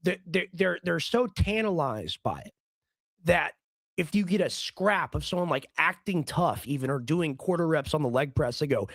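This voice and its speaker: A hoarse man hosting a live political stream, ranting in a rambling, heated way and often repeating his words. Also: fairly high pitch, lively intonation, normal speed, dry recording. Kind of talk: casual ranting commentary stream.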